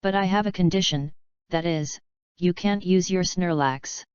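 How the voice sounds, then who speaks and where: An arrogant rich schoolboy with a short temper, challenging his rival with anger, read in a woman's low, smooth voice. The recording is dry and slightly muffled. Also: a little slow, darkish tone, no echo, lightly acted. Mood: angry. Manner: angry, challenging. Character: arrogant rich male student, hot-tempered.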